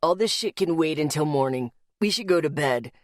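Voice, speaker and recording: A blunt, practical young werewolf man, as a woman narrator puts him on, firm and to the point. She drops her voice low, and the recording is close and dry. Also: lively intonation, normal speed, dry recording.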